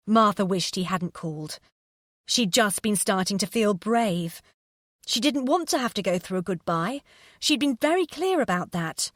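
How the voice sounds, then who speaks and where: A woman narrating an audiobook with steady, expressive storytelling on a close microphone. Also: medium pitch, normal speed, no echo. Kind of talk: scripted narration.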